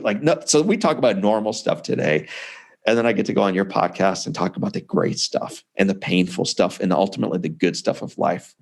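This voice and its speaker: A man's voice: on the low side, animated, a little fast, creaky, husky. A man in his forties, an author and speaker, telling his personal story in an interview with emphatic, conversational energy. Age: 40s.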